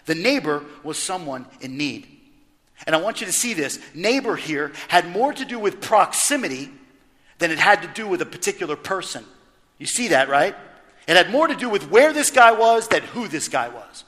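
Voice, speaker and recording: A man preaching a lively sermon, emphatic and full of rhetorical questions. His voice sits high and rings bright. The sound carries the long reverb of a church sanctuary. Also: normal speed. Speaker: pastor.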